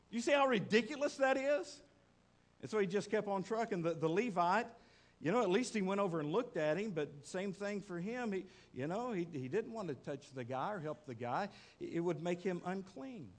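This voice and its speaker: High-voiced male pastor preaching. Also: lively intonation, moderate pace. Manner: conversational, rhetorical questions to the congregation; repeats and restarts words, builds emphasis. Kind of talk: sermon.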